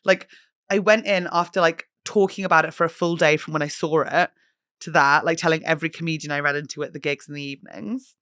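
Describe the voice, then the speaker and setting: A young woman hosting a podcast, telling stories in a giggly, animated way and swearing casually. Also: low voice, fast, no room sound, clean studio sound. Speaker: podcast host and comedian. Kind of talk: casual chat.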